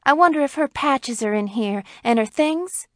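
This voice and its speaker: A woman's voice: sits high, animated, normal speed, dry recording, clean studio sound, voice pushed up. A woman reading the part of a timid sheriff's wife in a story, speaking hesitantly and in a shrinking way. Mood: eager.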